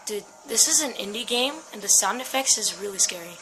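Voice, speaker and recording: A woman's voice: mid-range voice, expressive, brisk, few pauses, noisy background. A young woman playing a horror game at home, frightened and jittery, swearing and talking to her viewers and her dog. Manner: swears and screams. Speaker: gaming channel host. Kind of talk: horror game let's play commentary.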